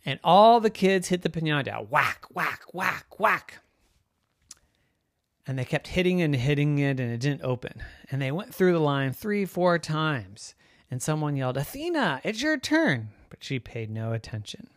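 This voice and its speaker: A storyteller narrating a children's story with a gentle, expressive delivery. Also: mid-range voice, normal speed, no echo, studio quality.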